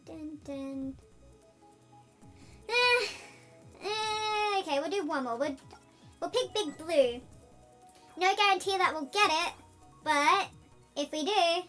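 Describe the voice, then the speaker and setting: An Australian woman host giving chatty, excitable let's-play commentary, her voice sped up to a chipmunk pitch. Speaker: gaming channel host.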